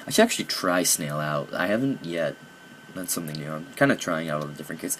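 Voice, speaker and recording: A man's voice: rumbling low, expressive, quick pace, fairly bright tone, a little hiss or hum. A young man narrating a recorded game of his own in casual commentary, playing up mock drama about his feelings as a joke. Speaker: gaming commentator.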